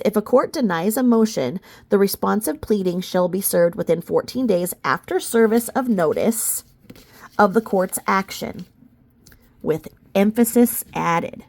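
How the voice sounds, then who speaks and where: Sarcastic gravelly woman reading legal filings. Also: on the low side. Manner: sarcastic, mocking asides with sudden loud outbursts. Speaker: commentator reading court documents. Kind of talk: casual commentary reading legal filings aloud.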